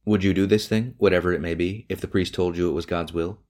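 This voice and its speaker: A man's voice: deep voice, steady tone, fast talker, darkish tone, close to an everyday voice. A man voicing an anxious devout young woman. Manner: pleading, voice shaking.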